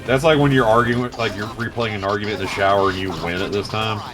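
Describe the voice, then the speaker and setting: A man with a lowish, steady voice talks fast while streaming a game, casually telling a profane story and doing the voices of the people he quotes. Loud music plays in the background.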